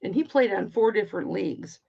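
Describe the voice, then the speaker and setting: A woman's voice: medium pitch, animated, a little fast, gravelly, breathy edge. A middle-aged woman hosting a live jewelry auction, chatting casually, swearing freely and greeting viewers by name. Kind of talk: casual chat while selling. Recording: dull lo-fi stream audio.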